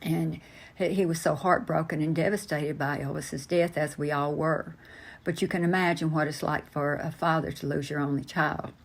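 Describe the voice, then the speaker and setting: Older woman, low voice, halting storyteller answering interview questions. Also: steady tone. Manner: slow, halting, many fillers and restarts. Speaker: interview guest.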